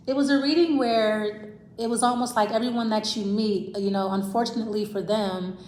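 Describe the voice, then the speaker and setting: A tarot reader does a casual reading straight to camera, rambling and repeating herself as she addresses the viewer. Her voice is slightly high with a faint hiss or hum, and the room echoes noticeably.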